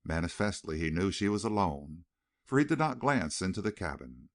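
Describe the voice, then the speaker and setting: Expressive male audiobook narrator. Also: sits low, moderate pace. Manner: expressive, dramatic reading. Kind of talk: scripted narration.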